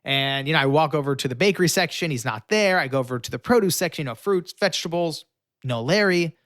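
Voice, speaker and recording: A young man recounts a story with animated energy, leaning on fillers and slipping into the voices of the people in it. His voice sits a little high. The sound is dry and close. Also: fast, dry recording. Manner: acts out quoted voices, shouting and pleading; frequent fillers. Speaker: guest storyteller.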